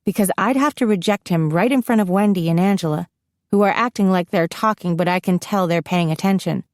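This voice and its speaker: A woman's voice: lowish voice, brisk, a little mellow, no room sound, clean studio sound. A woman narrating a first-person audiobook in a wry, confiding storytelling manner.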